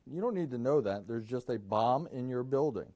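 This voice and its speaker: A man's voice: medium pitch, animated, moderate pace, mellow, muffled recording, lightly acted. A man acting out a curt, menacing male caller who phones in a bomb threat, heard from a distance. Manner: curt, withholding.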